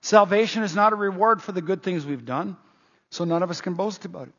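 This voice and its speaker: A man's voice: high-pitched, fairly quick, fairly bright tone, husky. A man preaching a sermon as pastor, earnest and full of rhetorical questions, in a church. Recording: dull lo-fi sound with long hall reverb.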